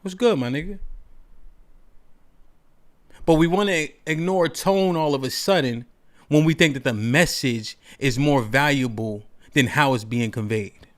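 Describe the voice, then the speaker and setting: In a medium-pitched voice at normal speed, a man hosting a call-in podcast makes his case emphatically and rhetorically. His tone is preachy, and "right?" follows almost everything he says.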